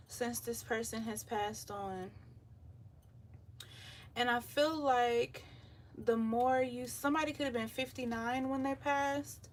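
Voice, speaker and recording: A woman giving a live tarot reading in a relaxed, chatty way with lots of filler ums, out of breath as she talks. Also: a little high. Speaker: tarot reader. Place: home by the beach, windows open. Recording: voice a bit far from the mic, faint surf noise. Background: faint beach waves.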